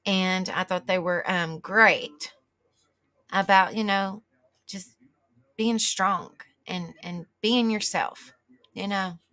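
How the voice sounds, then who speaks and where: A woman's voice: mid-range voice, fairly even intonation, slow, long pauses, sharp tone. A middle-aged woman, hosting a live stream and chatting casually with viewers, rambling and reacting aloud as she reads the chat. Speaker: livestream host.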